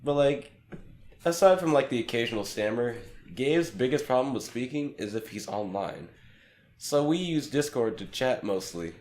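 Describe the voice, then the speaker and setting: A man's voice: mid-range voice, lively intonation, moderate pace, a little mellow. A young man co-hosting a casual podcast, rambling with lots of fillers. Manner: rambling, filler-heavy, laughing. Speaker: podcast co-host. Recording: echoey room with faint noise.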